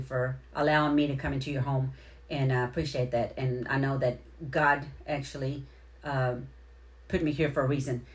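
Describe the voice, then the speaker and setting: Low-voiced woman hosting a chatty livestream. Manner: effusive, rambling, repeats her thanks; heartfelt, near tears at moments. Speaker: livestream host. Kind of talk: casual live-stream shout-outs to viewers.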